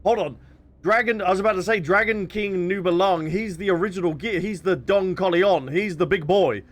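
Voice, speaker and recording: A young adult man giving casual, rambling gameplay commentary as a streamer, excitable and full of restarts. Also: sits high, moderate pace. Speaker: gaming streamer.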